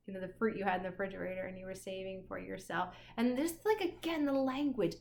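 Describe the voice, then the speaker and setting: A woman's voice: medium pitch, sing-song, fairly quick, gravelly, hardly any pauses. A woman teacher recording a casual lecture for an online class, enthusiastic and musing, with many fillers.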